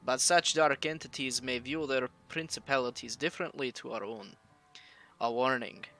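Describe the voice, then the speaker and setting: A man's voice: medium pitch, steady tone, normal speed, bright, forceful tone, rough recording. A man voicing a scholar with a Russian accent, reading an occult text aloud in a solemn, dramatic way.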